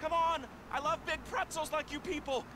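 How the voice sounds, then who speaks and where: A man's voice: very high voice, moderate pace. An actor playing a brash, boastful and slightly desperate male DJ hosting a club opening. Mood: bragging. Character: boastful washed-up male party DJ. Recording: game audio with steady noise.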